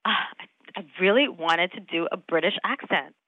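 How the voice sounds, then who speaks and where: A young adult actress talking casually in an interview, chatty, laughing often and full of fillers and restarts. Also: female voice, fairly low pitch, moderate pace, dry recording, narrow, tinny audio. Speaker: actress guest.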